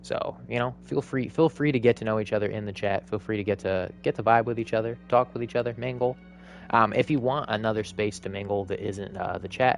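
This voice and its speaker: Male streamer, low-pitched and gravelly, upbeat rambling commentary over a game. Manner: chatty, upbeat, rambling asides.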